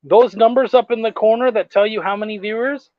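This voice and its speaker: A podcast host chats easily over a video call, swearing freely. His voice sits high for a man and comes through dull and lo-fi. The sound is dry, with no room around it. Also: fairly even intonation, brisk, dry recording. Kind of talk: casual video-call chat.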